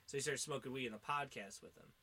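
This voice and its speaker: A man's voice: mid-range voice, fast, bright, forceful tone. A man co-hosting a podcast, rambling in casual chat with lots of fillers and swearing. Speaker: podcast co-host.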